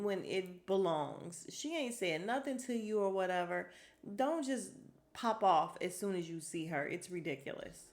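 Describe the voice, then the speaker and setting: A woman's voice: lowish voice, animated, measured pace. A woman recapping a reality show on her podcast in a chatty, exasperated way, acting out the cast's lines. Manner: chatty and exasperated, acts out cast members' lines. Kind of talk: casual solo recap.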